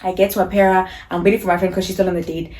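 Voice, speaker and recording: A young woman in her twenties with a South African accent, telling a personal story in a casual, animated, slangy way. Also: on the low side, racing. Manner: animated, acts out dialogue, slangy. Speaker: YouTuber.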